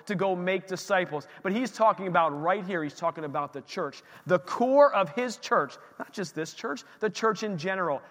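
A male pastor delivers an animated sermon in a high, bright voice, firing off rhetorical questions. His voice rings with long reverb in a church hall.

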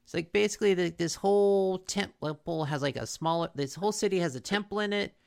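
A woman's voice: on the low side, brisk, vocal fry, a little mellow. A woman co-hosting a casual chat, recapping a cartoon episode in a rambling way with lots of fillers and restarts. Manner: rambling, filler-heavy storytelling with frequent restarts.

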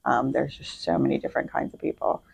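A woman's voice: extremely low pitch, quick pace, gravelly, husky. A middle-aged woman co-hosting a podcast in casual chat, telling stories with animation. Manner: animated storytelling, acting out quoted people. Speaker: podcast co-host. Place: hotel balcony outdoors.

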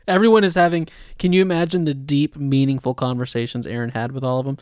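A man co-hosting a casual anime recap podcast, telling stories with animated emphasis and quoting his own reactions. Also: mid-range voice, fairly quick, clean tone, no room sound, clean studio sound. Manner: animated storytelling, quotes himself. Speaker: podcast co-host.

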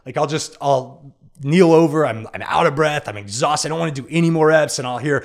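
Motivational man, animated storyteller. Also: on the high side, fast. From Kansas City area, United States. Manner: animated storytelling, acting out inner voices. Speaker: podcast host. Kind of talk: motivational monologue.

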